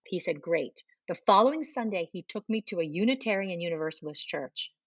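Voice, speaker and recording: In an interview, a middle-aged woman gives a personal testimony, acting out the dialogue she remembers. Her husky, low voice moves briskly with lively intonation, recorded with no room sound and the highs cut off.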